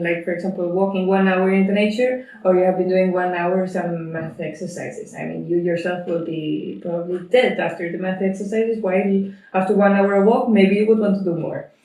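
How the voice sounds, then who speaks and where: A woman's voice: on the low side, mellow. Woman speaking in a very echoey room. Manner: thoughtful, explains at length with many "I mean" asides. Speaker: dog trainer, interview guest. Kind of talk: conversational interview answers. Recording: very echoey room, mic far off.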